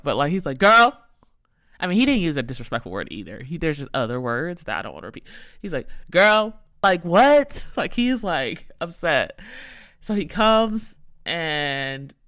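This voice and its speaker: A woman's voice: deep voice, a bit bright, dry recording, clean studio sound. A young woman hosting a podcast, telling a story in a casual, rambling way full of "like" fillers. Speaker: podcast host.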